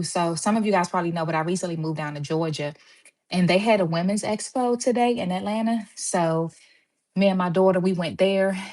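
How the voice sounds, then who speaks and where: A chatty woman from Washington, D.C. with a lowish voice hosts a relaxed live stream from home. She is slightly out of breath and greets her viewers one by one, peppering her talk with "y'all.". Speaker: host of a live stream for medical assistants. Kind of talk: casual live-stream chat.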